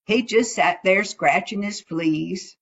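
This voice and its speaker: A woman telling a folktale in a slow folksy drawl, on a dull lo-fi recording. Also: medium pitch, a bit bright, husky. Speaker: storyteller. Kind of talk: folktale storytelling.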